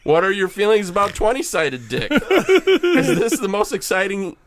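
A man's voice: sits high, sing-song, normal speed. A man on a casual podcast reading out teasing questions and laughing through them. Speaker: podcast panelist.

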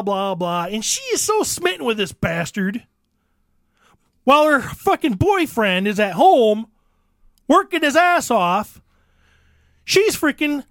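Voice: medium pitch, a bit bright, no echo, clean studio sound. Crude, exasperated podcast ranter. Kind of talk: profane comedic rant.

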